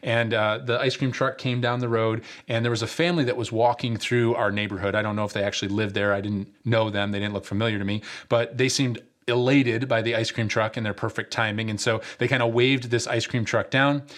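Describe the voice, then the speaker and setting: A pastor from upstate New York delivers a sermon in a mid-pitched voice. He talks like he is telling a story to friends, pausing on frequent fillers. He drives his point home by repeating rhetorical questions. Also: steady tone, fairly bright tone.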